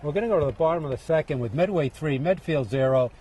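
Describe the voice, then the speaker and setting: A man with a New England accent giving relaxed, chatty play-by-play for a local TV softball broadcast. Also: a little high, fast talker, slight background noise. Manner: relaxed, chatty, jokes with booth partner. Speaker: play-by-play announcer.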